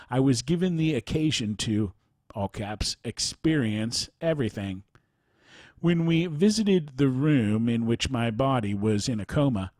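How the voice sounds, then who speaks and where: A man's voice: mid-range voice, darkish tone, dry recording, clean studio sound. A man hosting a podcast, carefully reading out a listener's account and reading its formatting cues aloud, then commenting thoughtfully with a few fillers. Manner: thoughtful, halting remarks with fillers. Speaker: podcast host.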